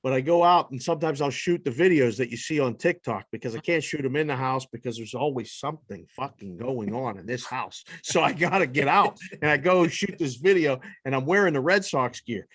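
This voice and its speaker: A man hosting a casual sports podcast, leading the banter in an animated, profane way. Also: medium pitch, a little fast, hardly any pauses, no echo, studio quality. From lives in Las Vegas. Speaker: podcast host.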